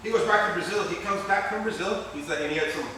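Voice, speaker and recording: Bright-voiced man rambling in an echoey gym. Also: sits high, rapid-fire, slight background noise. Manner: rambling, profane, laughs often. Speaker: grappling instructor. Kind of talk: storytelling while teaching technique. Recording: very echoey gym, mic far off.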